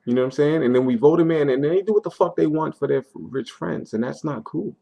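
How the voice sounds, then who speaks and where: A man's voice: fairly high pitch, fast, vocal fry, mellow. A young man ranting in a video diary, frustrated, swearing and repeating himself. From United States. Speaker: vlogger. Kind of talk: angry video diary rant. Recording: dull lo-fi webcam audio.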